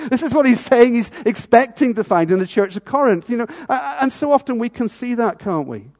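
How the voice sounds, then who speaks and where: High-voiced male preacher in a reverberant church. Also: lively intonation, fairly quick, hardly any pauses. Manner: earnest, with rhetorical tag questions, dropping to hushed tones. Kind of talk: sermon.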